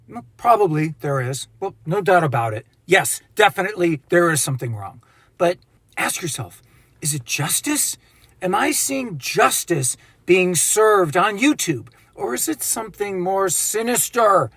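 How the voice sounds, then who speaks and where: A man's voice: sits high, a bit bright, breathy edge, no echo. A man delivering an indignant, sarcastic rant as a video commentator, swearing often. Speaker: YouTube commentator. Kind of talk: ranting monologue.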